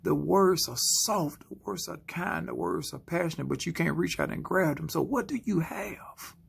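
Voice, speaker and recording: A man giving a spoken-word motivational sermon, slow and dramatic, often dropping into hushed whispers. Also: on the high side, gravelly, husky. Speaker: motivational speaker.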